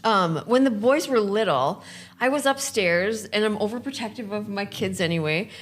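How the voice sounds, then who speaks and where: A woman's voice: medium pitch, lively intonation, normal speed, slight background noise. A woman co-hosting a podcast, telling a story in casual chat and laughing as she goes. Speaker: podcast co-host.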